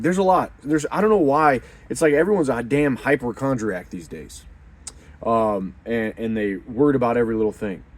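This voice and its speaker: A young man hosting a men's community video, talking casually and bluntly, calling the listener dude, with loud emphatic bursts. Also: medium pitch, a little hiss or hum. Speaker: host of a men's community channel. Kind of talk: casual unscripted monologue.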